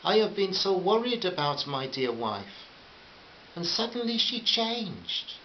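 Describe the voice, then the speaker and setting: A man voicing a grateful foreign heart doctor who speaks earnestly and courteously, with halting pauses. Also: high voice, sing-song, voice pushed up. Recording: muffled roomy recording with faint hiss.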